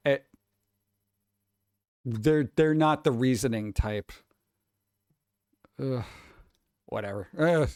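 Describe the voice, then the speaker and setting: A man's voice: mid-range voice, dry recording, clean studio sound. A man in his forties, a streamer rambling casually and answering chat, swearing and chuckling often.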